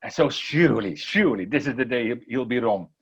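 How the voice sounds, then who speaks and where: A man voicing an excited young boy who plots to trick an old man. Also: medium pitch, fairly quick, slightly rough, lo-fi sound, pitched below the performer's own voice. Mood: excited, scheming. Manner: excited, plotting. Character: eager scheming young boy.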